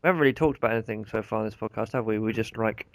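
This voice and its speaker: A man's voice: lowish voice, rapid-fire, creaky. A man co-hosting a casual podcast over a voice call, teasing his friends in a mock-stern way. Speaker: podcast co-host. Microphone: computer mic on a voice call.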